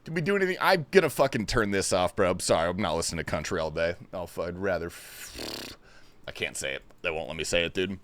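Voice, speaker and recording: A man's voice: low voice, lively intonation, fast talker, a bit bright. A man streaming live, chatting loosely and profanely with his chat while he plays, calling everyone brother and dude. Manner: loose and profane, greets chat with bro-talk. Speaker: livestreamer. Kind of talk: casual livestream chat while gaming.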